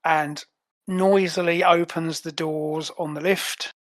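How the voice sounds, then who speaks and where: A man narrating as game master in a relaxed way with many fillers. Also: fairly high pitch, takes it slowly, dry recording.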